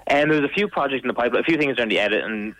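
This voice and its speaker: A man's voice: medium pitch, racing, fairly bright tone, dry recording, poor audio. A man guesting on a radio show as an actor, easygoing and laughing often. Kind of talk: radio interview chat.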